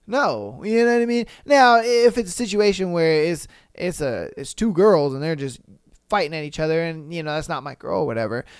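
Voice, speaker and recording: Young male podcast host, blunt and profane, high and smooth voice, dry sound. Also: fairly bright tone, dry recording. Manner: blunt, profane, joking, fast talker. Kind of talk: casual chat.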